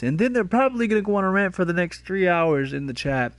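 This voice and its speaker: A man's voice: high voice, lively intonation, quick pace, few pauses, no echo. Laid-back man with a dry delivery. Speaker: podcast guest, YouTuber. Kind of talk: casual podcast chat.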